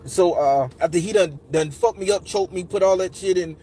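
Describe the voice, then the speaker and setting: A man's voice: sits high, moderate pace, dark tone, husky. A man in his forties telling a personal story in a raw, profane, emotional way, talking straight to listeners. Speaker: podcast storyteller. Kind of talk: casual storytelling.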